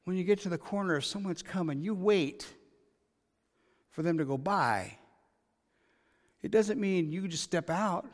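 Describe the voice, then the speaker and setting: High-pitched middle-aged guy preaching in a church, casual then loud and punchy, big echoey hall. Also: measured pace, pauses often. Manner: conversational, building to loud emphatic passages. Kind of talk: sermon. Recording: long reverb in a large hall.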